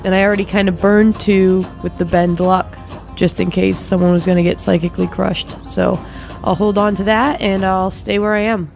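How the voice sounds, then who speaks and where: A woman's voice: mid-range voice, flat delivery, moderate pace, creaky, darkish tone, faint music behind. A woman player in a tabletop game, chatty and adding up dice rolls aloud. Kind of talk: casual tabletop game chat.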